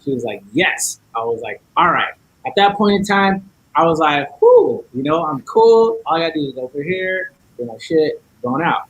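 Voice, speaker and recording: A man's voice: fairly high pitch, expressive, brisk, fairly bright tone, husky, rough recording. A man guest on a podcast, telling a story in casual chat, acting out each side of the dialogue and cursing a lot.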